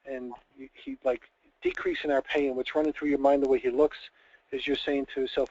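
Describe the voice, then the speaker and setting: A network marketing trainer runs a sales training call, chatting casually and dramatically acting out little scenarios. His medium-pitched voice is very animated, brisk and a little mellow, with no echo in the dull, dry, lo-fi call audio.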